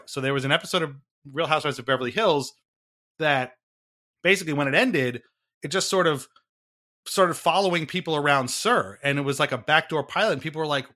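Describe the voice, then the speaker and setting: A man's voice: fairly high pitch, brisk, pushed and bright. A man co-hosting a podcast, explaining a reality show to his friend in a chatty, wry way, laughing at himself and often restarting his sentences. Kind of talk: casual podcast chat.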